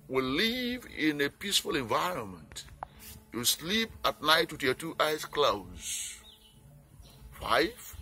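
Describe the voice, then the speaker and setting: A Nigerian man makes a heartfelt appeal for peace, pleading and repeating himself as he goes. His voice sits high and rises and falls a great deal. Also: sharp tone. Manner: pleading, repetitive, earnest. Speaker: peace campaigner. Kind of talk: impassioned appeal speech.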